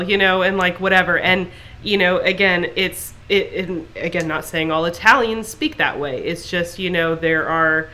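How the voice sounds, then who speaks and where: A woman's voice: lowish voice, moderate pace, hardly any pauses, sharp tone. A woman co-hosting a podcast in casual chat, rambling with lots of filler phrases. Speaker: podcast co-host.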